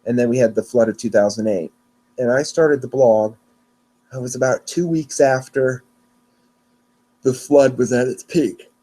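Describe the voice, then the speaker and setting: A man's voice: medium pitch, unhurried, long pauses, warm tone. A man hosting a weather podcast on his own, talking casually and rambling, often restarting and correcting himself, a little sleepy. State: yawning, sleepy. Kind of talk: casual solo podcast talk.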